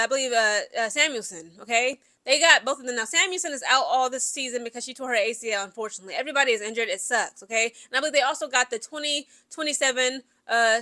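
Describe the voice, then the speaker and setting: A woman's voice: a little high, bright, forceful tone. A woman giving casual, opinionated sports gossip commentary to her viewers, chatty and emphatic, often tossing in "okay?". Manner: chatty, keeps asking "okay?" and addresses viewers directly.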